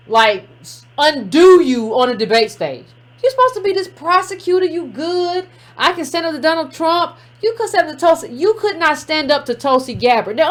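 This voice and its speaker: Animated high-voiced woman hosting call-in. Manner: sassy, animated, emphatic. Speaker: call-in show host. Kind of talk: call-in show commentary.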